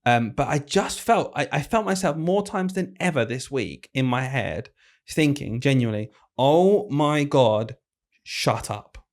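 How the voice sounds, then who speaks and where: Male teacher, casual podcast co-host, animated storyteller. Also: medium pitch. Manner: chatty, animated storytelling with quick self-corrections.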